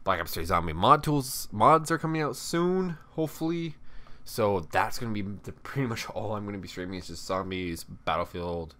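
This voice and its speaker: Casting: young guy from Texas, deep voice, chatty vlog storyteller who acts out the people he talks about. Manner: animated, acts out coworkers and guests in quick put-on voices. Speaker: YouTuber telling a work story.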